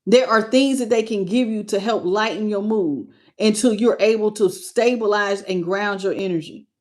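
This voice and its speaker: A woman's voice: medium pitch, normal speed, darkish tone. A woman hosting a spiritual tarot channel, talking earnestly and casually to her viewers. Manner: earnest and intimate, with loose casual phrasing. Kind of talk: casual livestream talk to viewers.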